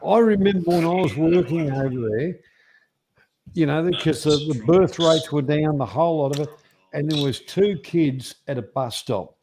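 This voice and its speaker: This man hosts a live stream panel, and his voice sits a little high. He teases his guests with rough jokes and swears as he talks. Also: animated, normal speed, darkish tone, slight background noise. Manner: teasing and swearing. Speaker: host.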